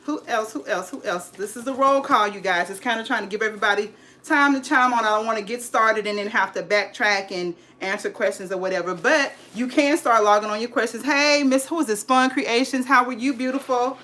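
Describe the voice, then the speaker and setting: Hosting a home decor livestream from her home, a Californian woman greets viewers in a fairly quick voice that's a little high, pushed, and bright. She's bubbly and hyped, chatting away and calling people sis and honey.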